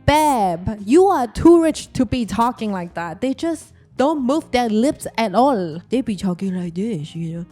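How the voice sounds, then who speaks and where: A woman's voice: a little high, expressive, measured pace, few pauses, dark tone, soft background music. A young woman talking straight to her viewers in a chatty, slangy commentary vlog. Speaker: vlogger.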